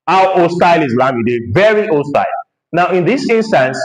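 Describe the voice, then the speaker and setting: A man teaching an English lesson, explaining his points slowly and repeating phrases with heavy stress to show emphasis. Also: fairly high pitch, big pitch swings, echoey room, low-quality recording.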